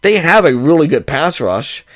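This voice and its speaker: A man with a high voice hosting a sports podcast, talking with emphatic sarcasm and mocking other people's opinions. His voice is recorded dry and close, with no room sound. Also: sing-song, normal speed, dry recording. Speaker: podcast host. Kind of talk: opinionated sports talk monologue.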